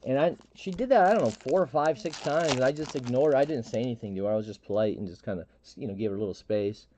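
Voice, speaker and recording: A middle-aged man hosting a live stream, telling a story in a halting, rambling way with many restarts and fillers. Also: mid-range voice, warm tone, slight background noise. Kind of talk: casual storytelling chat.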